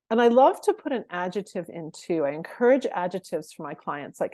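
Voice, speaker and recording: This middle-aged woman talks like a performance coach sharing stories on an interview. Her voice sits at an ordinary mid pitch, recorded close and dry with no room echo. She keeps the telling animated and breaks into light laughs often. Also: moderate pace, hardly any pauses. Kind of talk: conversational interview storytelling.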